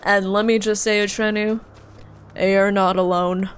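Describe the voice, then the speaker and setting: Giggly, slow-talking woman streamer. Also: mid-range voice, level tone, slight background noise. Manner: giggly and playful, chats with viewers and drills pronunciations. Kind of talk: casual live game stream chat.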